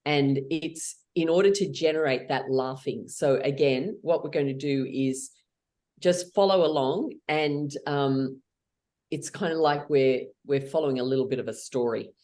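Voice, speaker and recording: A woman's voice: deep voice, moderate pace, mellow. A woman guiding an online laughter yoga workshop over a video call, playful and laughing often as she cheers people on.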